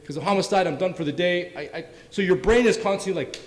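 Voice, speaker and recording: A police officer from Windsor, Canada speaks on a community panel in an event hall, his recording carrying long hall reverb and a little hiss or hum. He has a high voice and a quick pace, telling earnest anecdotes and often finishing lines with "right?"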